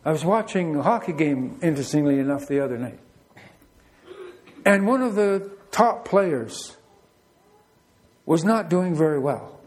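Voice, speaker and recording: A man's voice: a little high, animated, measured pace, long pauses. A middle-aged man, preaching a sermon in a conversational, storytelling way full of rhetorical questions. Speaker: pastor.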